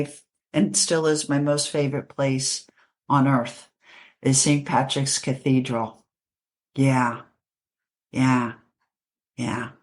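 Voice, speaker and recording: A woman from New York City talks slowly and deliberately, her voice sitting a little low. She tells her story in an interview, stopping and restarting often, and slips into voices from her memories as she goes. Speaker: author and interview guest.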